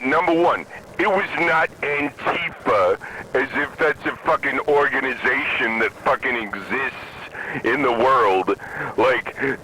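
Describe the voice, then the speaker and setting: A man's voice: fairly high pitch, sharp tone, slight background noise, low-quality recording. A man hosting a podcast, delivering an angry, profane rant from a moving vehicle. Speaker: podcast host.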